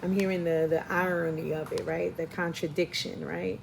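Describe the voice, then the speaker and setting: A woman's voice: on the low side, level tone, moderate pace, vocal fry, slight background noise. A woman reading tarot cards in a casual spiritual style, thinking aloud with many fillers and frequent "right?" checks. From Puerto Rican, from New York and Philadelphia area. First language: Spanish heritage speaker. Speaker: tarot reader.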